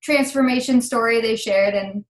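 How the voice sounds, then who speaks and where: Woman, young adult, team leader, emotional, near tears, rambling, slightly high-pitched. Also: moderate pace, poor audio. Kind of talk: team call pep talk.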